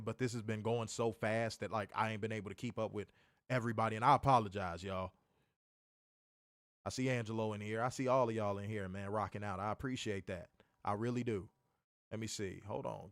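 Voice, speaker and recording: A man co-hosting a casual livestream, loud and joking. He swears freely, laughs often and swings from shouts down to mutters. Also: lowish voice, no echo, clean studio sound. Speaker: livestream co-host.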